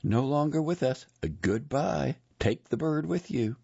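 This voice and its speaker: A man's voice: fairly high pitch, lively intonation, unhurried, vocal fry, warm tone, husky, dry recording, dull audio, pitched above the performer's own voice, full character voice. A male narrator voicing a curt, irritated woman bank employee who speaks brusquely and dismissively.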